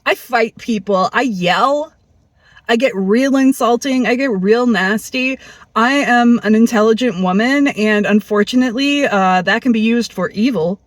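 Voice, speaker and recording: A woman's voice: fairly high pitch, no echo. A woman telling a personal story in a candid, blunt monologue, swearing freely and acting out the people she quotes. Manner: blunt, profane, animated, acts out quoted people.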